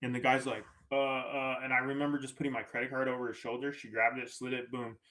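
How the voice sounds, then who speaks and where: A man as a podcast guest, telling a story in a casual, animated way, acting out quoted lines and often tagging "right?". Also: mid-range voice, fast talker.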